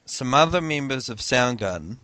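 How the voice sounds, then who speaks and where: A man's voice: medium pitch, lively intonation, sharp tone, no echo. A man telling a long casual anecdote, acting out the quotes as he goes. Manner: drawn-out storyteller who acts out quotes.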